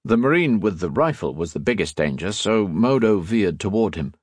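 A man narrating an audiobook in a measured, steady storytelling voice, close on the mic. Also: lowish voice, slightly rough, no echo. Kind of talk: scripted narration.

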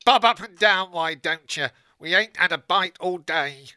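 A man's voice: high-pitched, measured pace, pushed and bright, smooth, no echo, studio quality, pitched above the performer's own voice, full character voice. A man voicing an idle, grumbling male ferret deckhand in an audiobook, with a whiny, common-speaking manner. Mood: moody. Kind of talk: audiobook character voice.

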